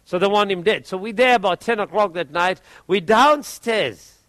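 A man preaching, telling a testimony story in an animated way and often repeating his words. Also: high voice, moderate pace, no room sound.

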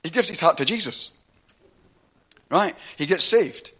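A man with a Glaswegian Scottish accent, preaching a sermon through chatty, animated storytelling that keeps checking in with "right?". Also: a little high, unhurried, breathy edge. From Glasgow, Scotland.

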